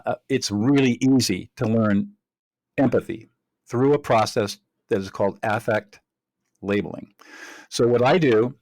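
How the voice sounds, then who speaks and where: A man as a podcast guest, a mediator and trainer, explaining his method in an earnest, lively way. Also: mid-range voice, dry recording. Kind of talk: podcast interview.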